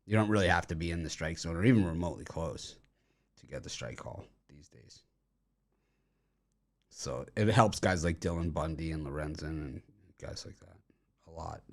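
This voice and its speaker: Casting: male betting host, very low voice, rambling casual delivery, mouth swollen after dental surgery. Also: normal speed, vocal fry, long pauses. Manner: rambling, loose, with many fillers and restarts. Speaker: host of a sports betting picks show. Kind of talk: casual chat.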